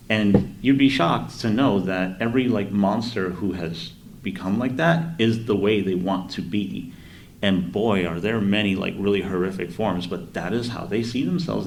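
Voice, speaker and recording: Podcast co-host, male, low voice, rambling animated talker, faint live-event room noise. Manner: rambling, quick restarts, animated retelling. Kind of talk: casual chat.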